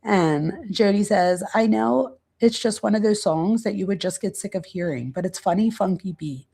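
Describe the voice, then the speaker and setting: A woman hosting a true crime channel, casually reading out quotes and commenting, pausing now and then to search her notes. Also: medium pitch, gravelly, mellow, breathy edge.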